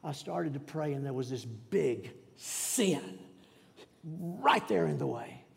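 A male pastor telling a personal story in a sermon, in a folksy, halting way with many restarts, and dropping to a hush for prayers. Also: medium pitch, huge pitch swings, vocal fry. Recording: long hall reverb.

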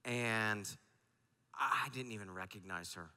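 A man's voice: lowish voice, a little slow, pushed and bright, smooth. A man pastor telling a personal story in a sermon, earnest and peppered with fillers. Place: large church auditorium. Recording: long hall reverb.

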